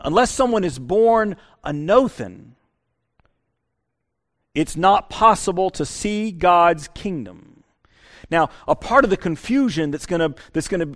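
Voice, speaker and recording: A pastor preaching a conversational sermon, often repeating words as he restarts his sentences. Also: high-pitched.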